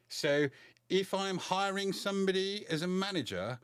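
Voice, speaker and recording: A man co-hosting a casual football chat, giving blunt opinions in a measured way. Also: sits high, lively intonation, smooth, no room sound, clean studio sound. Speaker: co-host.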